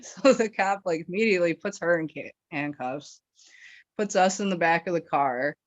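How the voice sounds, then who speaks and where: A woman's voice: on the low side, normal speed, no room sound. A woman from Wisconsin telling a story as a podcast guest, casual and rambling, swearing and laughing as she goes. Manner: profane, rambling, laughs often, filler-heavy. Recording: dull, dry lo-fi recording.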